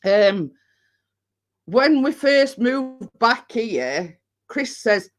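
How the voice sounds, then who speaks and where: A woman with a Yorkshire accent hosts a casual live stream, chatting and reading out comments from viewers. Her voice sits on the high side and is animated but slow. She rambles a bit and laughs a lot.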